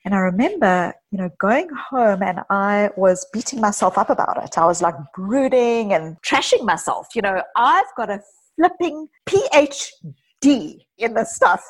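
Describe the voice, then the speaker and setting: Husky middle-aged woman, psychologist guest chatting on a podcast, tells stories with lots of quoted bits. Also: medium pitch, normal speed. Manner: animated storyteller, vivid anecdotes with quoted dialogue. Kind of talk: conversational podcast interview.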